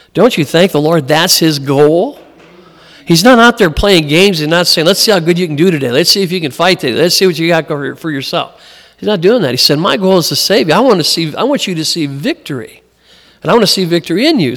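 A man preaching a sermon as pastor, in a conversational style that acts out the voices he quotes. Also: a little high. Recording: long hall reverb.

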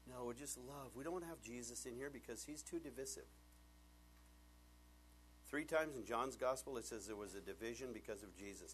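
A man in his thirties preaching a sermon, animated and jokey, acting out voices as he tells stories. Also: lowish voice, a little hiss or hum. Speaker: pastor.

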